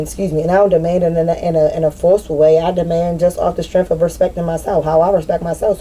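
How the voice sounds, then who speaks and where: Woman, casual spiritual vlog monologue, blunt and profane, slangy; lowish mellow voice, faint outdoor ambience. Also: a little hiss or hum, poor audio. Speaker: spiritual vlogger. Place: outdoors in nature.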